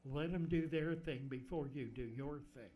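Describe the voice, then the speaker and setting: A man's voice: fairly high pitch, normal speed, a little mellow. A man hosting a casual fishkeeping livestream from his home, answering viewer questions and thinking aloud while he fiddles with his microphone. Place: home room with fish tanks. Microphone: desk microphone.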